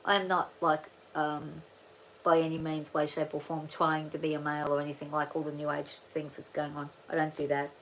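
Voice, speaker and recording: On her livestream, a middle-aged Aussie farm vlogger talks briskly in a low, fairly bright voice with a flat delivery. She's chatty and rambling, restarting often as she thinks out loud, over poor audio with a bit of hiss or hum.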